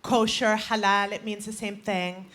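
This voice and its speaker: A woman's voice: medium pitch, little pitch movement, measured pace. A woman in her twenties performing stand-up comedy with punchy, playful crowd work on a live stage. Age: 20s. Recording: live stage mic over loud crowd noise.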